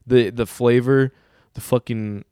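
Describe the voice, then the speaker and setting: A man's voice: medium pitch, steady tone, measured pace, warm tone, clean tone, dry recording. A young man hosting a casual podcast chat, telling a long story in a loose, slangy way with a lot of swearing. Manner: laid-back storytelling with heavy slang and swearing. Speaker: podcast host.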